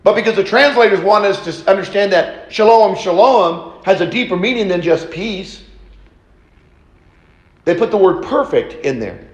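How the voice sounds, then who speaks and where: Brief: male preacher, high voice, slow and deliberate, echoey church hall. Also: lively intonation, dull audio. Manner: slow, deliberate teaching with repeated phrases. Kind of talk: sermon. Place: church auditorium.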